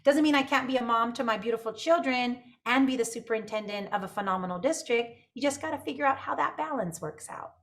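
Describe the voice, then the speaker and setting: A middle-aged woman speaks as a guest on a podcast in an upbeat, emphatic way, full of conviction. Her voice sits a little high. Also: fast talker, hardly any pauses, fairly bright tone. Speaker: school superintendent, guest. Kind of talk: casual conversational interview.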